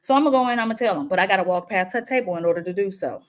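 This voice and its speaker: Woman, late 40s, animated storyteller, mid-pitched voice. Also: very fast. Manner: animated, acts out quotes, frequent laughs. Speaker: speaker telling a personal story. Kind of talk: casual storytelling to camera.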